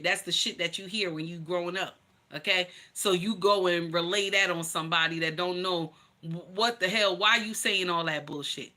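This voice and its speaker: Bright, forceful woman telling her story. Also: on the low side, steady tone, moderate pace. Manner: emphatic, blunt and profane, calls listeners honey. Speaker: livestream host. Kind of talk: personal storytelling to viewers.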